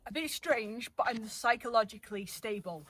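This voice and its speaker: A woman's voice: fairly high pitch, expressive, normal speed, fairly bright tone, no echo. A young woman who works with the horses and edits the videos, talking in a playful, jokey way. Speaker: stable worker and video editor. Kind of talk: casual chat.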